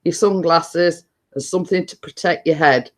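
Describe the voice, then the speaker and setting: A woman's voice: fairly low pitch, normal speed. A middle-aged woman, chatting casually with viewers as a live stream host, laughing often and restarting her sentences.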